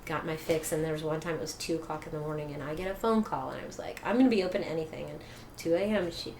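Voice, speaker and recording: A middle-aged woman telling her personal story as an interview guest, animated, laughing often and acting out quoted dialogue. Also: low voice, fast. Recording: echoey room with faint noise.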